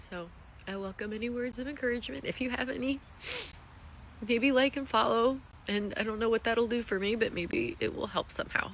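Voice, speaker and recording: A woman's voice: fairly high pitch, a little fast, slight background noise, rough recording. A young woman candidly vlogging about being laid off, frank and wry, swearing freely. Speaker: laid-off office worker vlogging. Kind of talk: candid confessional vlog.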